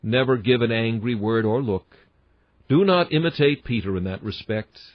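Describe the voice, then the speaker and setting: A man's voice: mid-range voice, moderate pace, no room sound, phone-quality sound. A man reading a classic sermon aloud in an emphatic, earnest preaching cadence. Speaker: sermon reader.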